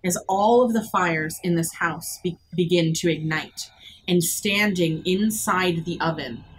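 Slow, low-voiced woman game master. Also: a little hiss or hum, poor audio. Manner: measured, vivid scene description. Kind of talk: narrating a horror tabletop game.

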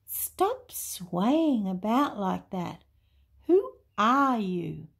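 A woman's voice: medium pitch, big pitch swings, drawn-out words, gravelly, breathy edge, full character voice. A woman voicing a dazed young male monkey who talks in a whiny, plaintive way.

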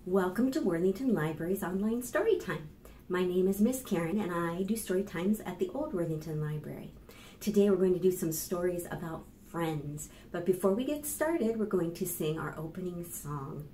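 A woman librarian leading a children's storytime, reading aloud in an animated, sing-song way and talking straight to young children. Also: on the low side, normal speed, reverberant, slight background noise.

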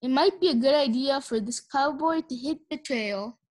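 Lady doing a little cowboy burglar, drawly and folksy, kinda high. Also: normal speed, darkish tone, close to an everyday voice.

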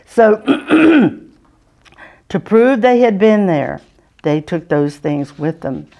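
A woman teaching a children's Sunday school lesson, patiently asking the children questions and often clearing her throat. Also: medium pitch, very animated, extremely slow, mellow.

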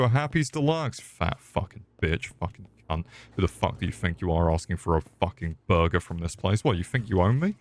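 A low-voiced British man streaming a game and ranting at it in casual commentary. He swears constantly and gets crude and mock-angry. His voice sits deep and gruff.

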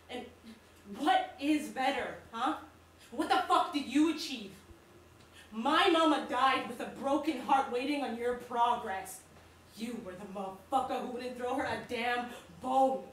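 A woman's voice: a little high, a bit bright, a little hiss or hum. A woman performing a stage monologue as a bitter, grieving person hurling angry, profane accusations. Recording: very echoey stage sound from far off.

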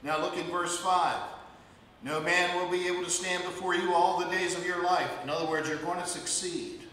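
High, bright-voiced preacher in an echoey hall. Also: male voice, steady tone, moderate pace, distant mic, a little hiss or hum. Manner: emphatic preaching, rising to loud declarations. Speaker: pastor. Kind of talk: sermon. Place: church sanctuary.

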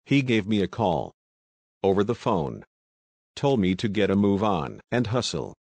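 A man doing a brash young American fellow in an audiobook, talking fast and slangy and tumbling through his tale. The voice is on the low side, and the recording is dry and close. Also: lively intonation, creaky, darkish tone, dry recording, full character voice. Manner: slangy, talkative, hurried storytelling.

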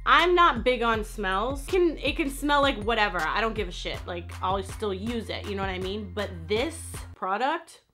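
A woman talking to camera as a beauty vlogger, giving a blunt, animated product review and swearing when annoyed. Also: mid-range voice, moderate pace, hardly any pauses, soft background music.

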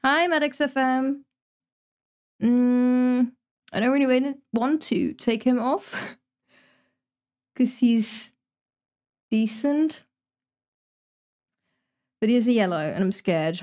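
Young woman streamer, unhurried delivery, a touch high, swears freely while thinking aloud. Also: darkish tone. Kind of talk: casual live-stream commentary while gaming.

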